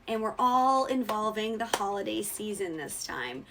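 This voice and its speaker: A woman's voice: sing-song, normal speed, noisy background. A woman hosting her own show in sassy, mock-outraged comedic commentary, swearing freely, her voice cracking when it rises. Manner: voice cracks when going high. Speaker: show host.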